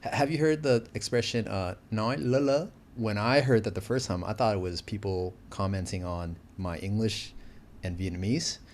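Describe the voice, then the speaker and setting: A man from the United States speaks as an interview guest in a fairly low voice. He talks in an animated, chatty way, often padding his sentences with fillers. The tone is casual and conversational. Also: normal speed, a little hiss or hum.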